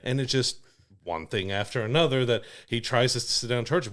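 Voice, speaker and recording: A man co-hosting a podcast, casually talking through a film in a relaxed, amused way. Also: mid-range voice, fairly quick. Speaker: podcast co-host. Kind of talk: casual film review chat.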